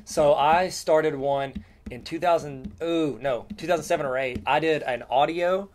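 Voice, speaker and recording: A man's voice: a little high, normal speed, a little hiss or hum. Joking male podcast co-host. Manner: joking, banters and plays along with bits. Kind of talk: casual chat.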